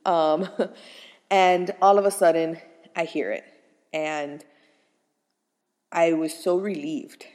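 A young woman casually telling her pregnancy story in an animated, chatty way with plenty of fillers. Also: low-pitched, slow, pauses often, long reverb tail.

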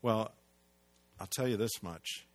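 A man preaching a sermon, moving between loud emphatic lines and hushed low ones and posing rhetorical questions to the congregation. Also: takes it slowly. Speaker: pastor.

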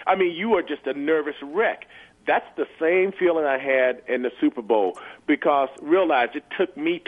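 An earnest man in his sixties, a former football player, talks as a phone-in guest. He often stumbles and repeats words while hunting for the right one. His voice comes through a narrow, tinny phone line. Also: a little high. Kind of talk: phone interview.

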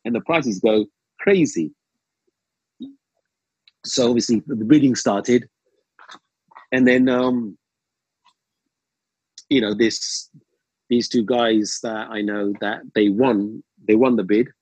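A man's voice: lowish voice, slow, long pauses, husky, no echo, low-quality recording. A man telling a long anecdote in casual conversation, with many ums and restarts. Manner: rambling, many ums and restarts, lively quoted asides. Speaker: guest. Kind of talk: casual storytelling.

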